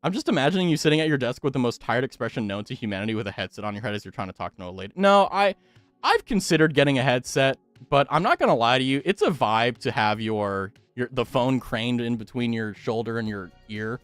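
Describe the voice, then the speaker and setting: A male streamer talks in a lively, animated way, his pitch swinging widely as he swears and laughs his way through stories. The sound is close and dry, with faint music playing under him. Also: quick pace, no echo. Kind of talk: casual chat with viewers.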